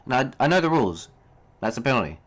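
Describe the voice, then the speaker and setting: A man's voice: medium pitch, big pitch swings, quick pace. A young man hosting a solo sports podcast, ranting heatedly about referees, swearing and then apologizing. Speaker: podcast host.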